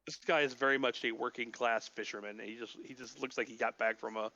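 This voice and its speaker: Man, game master, gravelly voice, muffled lo-fi recording, halting narration. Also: mid-range voice, steady tone, sharp tone. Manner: hesitant, filler-heavy narration.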